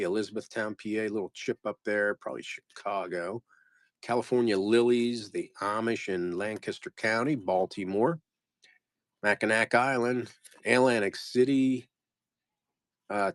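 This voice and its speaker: Heard in clean, dry studio sound, a man with a low-leaning voice runs a live stream selling postcards. Reading out each card as he goes, he rambles easily and makes self-deprecating jokes.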